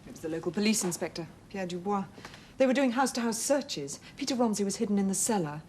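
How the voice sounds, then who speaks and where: An anxious, earnest wife, played by a woman, pressing her point with feeling. Her mid-pitched voice swings expressively, with faint ambient noise behind. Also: expressive, fast, a little mellow, lightly acted. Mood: troubled. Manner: earnest, emotional, insistent. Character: anxious wife, troubled by past betrayal.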